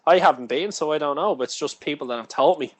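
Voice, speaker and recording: A man's voice: on the high side, quick pace, no room sound, low-quality recording. Rambling sweary man, dry sound. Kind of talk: casual chat.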